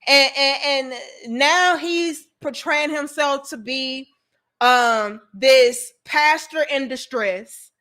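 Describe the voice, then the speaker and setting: A woman's voice: high voice, extremely slow, bright, forceful tone. A woman hosting a casual commentary show, talking straight to her viewers in a slangy, blunt, teasing way with some swearing. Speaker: host.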